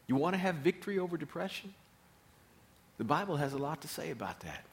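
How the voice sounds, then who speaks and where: A man's voice: fairly high pitch, animated, a little fast. A man preaching a sermon as pastor, emphatic and repeating his key phrases.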